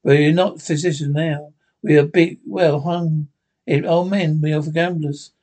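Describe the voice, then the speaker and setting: A man's voice: fairly high pitch, fairly even intonation, measured pace, a little mellow, close to an everyday voice. A man reading the part of an older male doctor turned gambler, dry and matter-of-fact. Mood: reassured.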